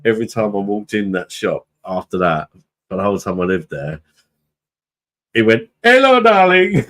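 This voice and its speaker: Deep-voiced British man chatting live. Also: brisk. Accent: British English. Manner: laid-back, chatty, laughs often, swears freely. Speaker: livestream host, beer reviewer. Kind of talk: casual live-stream chat.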